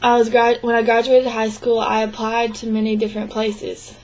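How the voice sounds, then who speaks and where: A young woman interpreting a signed interview into spoken English, speaking in short, halting phrases with restarts and frequent throat clearing. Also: on the high side, monotone, a little mellow, poor audio. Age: young adult. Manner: clears her throat often. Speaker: sign language interpreting student.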